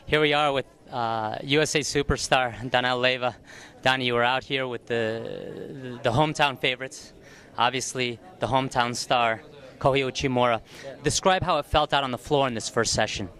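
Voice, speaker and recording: A man's voice: medium pitch, normal speed, a bit bright. A man interviewing athletes after a competition, upbeat and playful in his questions. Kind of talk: post-competition sports interview. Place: competition arena.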